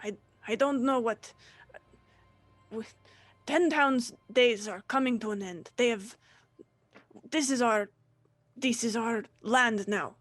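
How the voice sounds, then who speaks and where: A furious captured dwarf man, voiced by a woman running the game, shouts threats and boasts with a raised, high-pitched voice. He sounds zealous and spiteful. The tone is a tabletop game character's. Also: slow pace, long pauses, no echo, faint music behind. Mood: zealous boasting.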